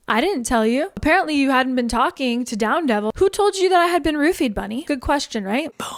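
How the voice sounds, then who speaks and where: A woman telling her side of a personal feud straight to camera, blunt and indignant, often acting out what others said. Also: high-pitched. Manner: indignant, blunt, quick to act out quoted voices. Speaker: online commentator. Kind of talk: direct-to-camera storytelling.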